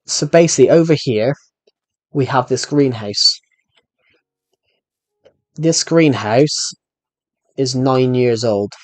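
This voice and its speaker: A man's voice: medium pitch, slow pace, long pauses, no room sound. A young British man giving casual, rambling gameplay commentary as he answers live chat, self-deprecating and full of restarts. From Britain. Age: young adult. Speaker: gaming streamer. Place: room at home.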